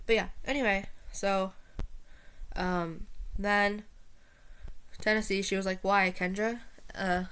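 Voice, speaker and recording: A teenage girl ranting casually to her viewers, rambling and profane with lots of filler words, jumping between loud outbursts and quiet muttering. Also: medium pitch, flat delivery, slow pace, pauses often, smooth. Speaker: vlogger. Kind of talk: casual rant to camera.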